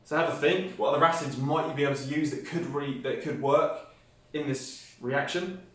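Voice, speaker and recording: A man's voice: a little high, moderate pace, fairly bright tone. A man presenting a hands-on science experiment, explaining each step with enthusiasm. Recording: echoey room, mic at a distance.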